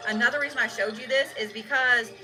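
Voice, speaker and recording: A woman's voice: fairly high pitch, steady tone, fast talker, poor audio. A young adult woman reading tarot cards in a casual, blunt, profane way, speaking straight to her viewers. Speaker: tarot card reader. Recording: loud music behind the voice.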